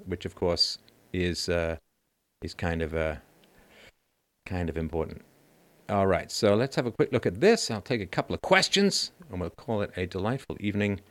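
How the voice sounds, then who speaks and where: Sarcastic middle-aged man riffing on news. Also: deep voice. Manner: mocking, jokey asides, laughs while reading. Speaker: podcast host.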